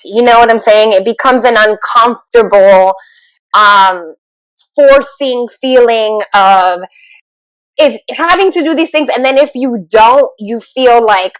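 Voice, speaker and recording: A woman's voice: fairly high pitch, unhurried, no echo, poor audio. A woman podcast host steering the talk, thoughtful and a bit hesitant with many fillers. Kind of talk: casual podcast chat.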